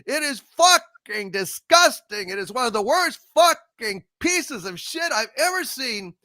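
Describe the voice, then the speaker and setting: A man's voice: very high-pitched, big pitch swings, unhurried, sharp tone, no room sound. Furious, profane man ranting. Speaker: channel host. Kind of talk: podcast review panel.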